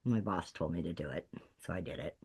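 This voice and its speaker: A middle-aged woman who works as a peer counselor, telling stories to a group in a lively way and acting out the voices of the people she quotes. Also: rumbling low, brisk, breathy edge. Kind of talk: storytelling talk to a peer audience.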